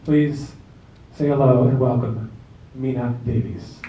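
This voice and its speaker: A man leading a memorial gathering, speaking in a relaxed, folksy way with light jokes and fillers, addressing a seated crowd in a club hall. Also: mid-range voice, slow, very noisy. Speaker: officiant of a memorial service. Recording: roomy, distant, dull amateur video.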